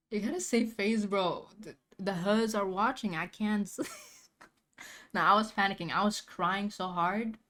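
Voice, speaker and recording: A young woman chatting casually as she reacts to a video, rambling in slang and laughing often. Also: mid-range voice.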